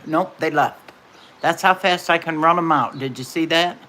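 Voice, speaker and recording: A woman's voice: deep voice, moderate pace, sharp tone, slight background noise. A middle-aged woman, chatting casually and telling folksy stories while hosting a livestream. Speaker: livestream host.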